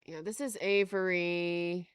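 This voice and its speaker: Animated woman live-streaming, dry sound. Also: lowish voice, slow pace, clear, resonant tone, no room sound. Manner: animated, laughing often, reading aloud and reacting to chat. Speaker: livestream host. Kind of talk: live stream theory chat.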